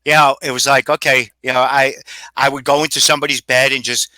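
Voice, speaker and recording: Guest man, bright forceful voice, dry mic; rambling, swears casually. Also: medium pitch, level tone, quick pace, no echo. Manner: rambling, salty, swears freely. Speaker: paranormal investigator guest. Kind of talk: casual storytelling.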